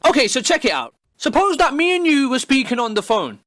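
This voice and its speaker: A man's voice: very high-pitched, very animated, brisk, fairly bright tone, slight background noise. A man delivering a sarcastic, heavily profane comedic monologue, recorded on a phone. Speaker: comedy video creator.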